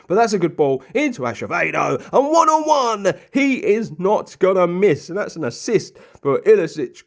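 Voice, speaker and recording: A young man casually commentating a football management game, chatty and rambling with plenty of ums and asides. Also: medium pitch. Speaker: gaming commentator.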